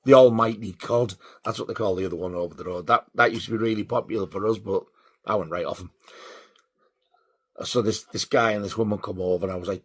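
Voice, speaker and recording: A man telling a sweary, animated story in a casual vlog. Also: lowish voice, fast talker, breathy edge. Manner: sweary, animated when riled. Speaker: vlogger.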